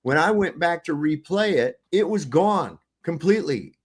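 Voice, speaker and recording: A man's voice: a little high, lively intonation, moderate pace, slightly rough. A man in casual online chat, blunt and exasperated as he complains.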